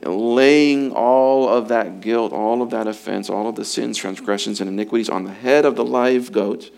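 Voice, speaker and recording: A man preaching a sermon in an earnest way, slowing and rising for emphasis, then dropping low and quiet. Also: vocal fry. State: emotional, fighting to get through.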